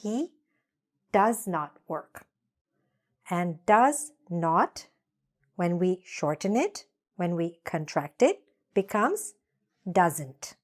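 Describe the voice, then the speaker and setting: A woman teaching an English grammar lesson, speaking deliberately and leading repeat-after-me drills. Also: medium pitch. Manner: slow, deliberate, drills with repetition.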